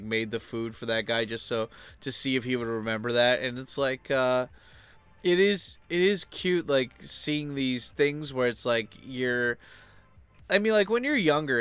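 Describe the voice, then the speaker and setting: A man's voice: mid-range voice, a bit bright, clean tone, dry recording. A young man talking casually on his own channel, rambling loosely with lots of filler words. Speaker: channel host.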